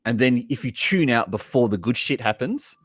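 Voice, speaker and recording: An Australian man with a medium-pitched, slightly breathy voice talks at a moderate pace, with no echo. He's hosting a casual live stream, reacting to trailers and chatting with viewers, full of lively asides.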